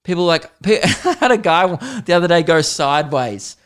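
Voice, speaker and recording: A man's voice: fairly high pitch, expressive, normal speed, clean tone. A young man from Australia ranting in a profane, jokey way on a solo podcast. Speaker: podcast host.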